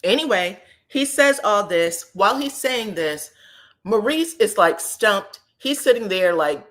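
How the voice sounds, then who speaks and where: Sassy woman with a lively pitch. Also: a little slow. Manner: sassy, blunt, acts out quotes in shifting voices. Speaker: recap commentator. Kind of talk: casual reality TV recap.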